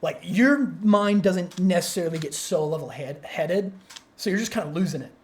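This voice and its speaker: A young man co-hosting a podcast, telling a story in casual chat, excitable and rambling with frequent swearing and restarts. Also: high voice, moderate pace, a little hiss or hum. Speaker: podcast co-host.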